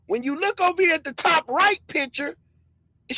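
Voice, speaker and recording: A middle-aged woman giving a loud, excitable, repetitive conspiracy commentary. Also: very high-pitched, normal speed, no echo, poor audio. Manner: emphatic, preachy. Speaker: commentary streamer.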